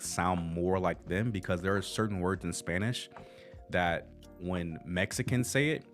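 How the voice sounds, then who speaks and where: An American man hosting a casual livestream of tips, rambling in a conversational way and talking straight to his viewers. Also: low-pitched. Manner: rambling and conversational, with frequent restarts, addressing viewers directly. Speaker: channel host.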